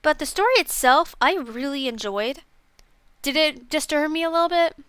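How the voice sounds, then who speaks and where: A woman's voice: high-pitched, moderate pace, fairly bright tone, no echo. A young woman streamer chatting casually about a game she played, rambling and self-deprecating with lots of fillers. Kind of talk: casual game review chat.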